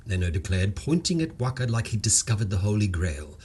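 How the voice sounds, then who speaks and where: Husky man narrating a comic tale. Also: lowish voice, very animated, moderate pace, few pauses. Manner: wry, playful storytelling.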